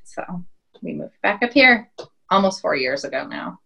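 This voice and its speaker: A low-pitched, gravelly, husky voice, animated and bright with a forceful tone, moving at a moderate pace; the highs are cut off. It's a woman in her thirties from Wyoming, a podcast guest telling stories casually and relying on lots of "like" and "um."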